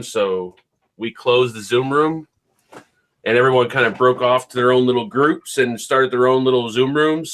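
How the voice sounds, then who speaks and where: An easygoing man co-hosts a casual live stream, laying out product details and group news in a plain, matter-of-fact way. His voice sits at an ordinary middle pitch for a man. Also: fairly bright tone. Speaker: co-host who reviews vape gear.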